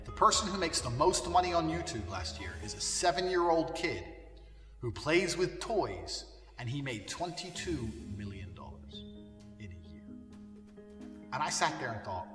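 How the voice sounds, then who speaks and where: A man rants bluntly and profanely, his bright, lively voice rising and falling with force. He sits well back from the mic in a reverberant room, with faint music underneath. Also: on the high side, moderate pace, far from the mic. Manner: forceful, swinging between loud and quiet. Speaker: commentator on culture. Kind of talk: ranting monologue.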